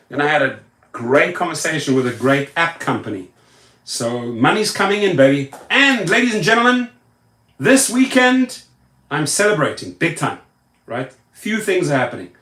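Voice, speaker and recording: A man's voice: mid-range voice, fairly bright tone, reverberant. A man hosting a rideshare live stream, reading viewer comments aloud and repeating words for emphasis. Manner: emphatic, repetitive chanting of words. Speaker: rideshare YouTube host.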